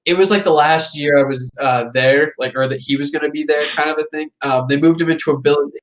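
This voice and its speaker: A man's voice: a little high, steady tone, quick pace, low-quality recording. A young man co-hosting a podcast, telling a rambling story full of swearing and asides. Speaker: podcast co-host. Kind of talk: casual chat.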